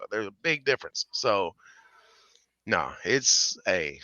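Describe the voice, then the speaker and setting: A man with a St. co-hosting a podcast, telling stories in animated, profane casual chat. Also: fairly low pitch, takes it slowly, long pauses, dry recording, dull audio. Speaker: podcast co-host.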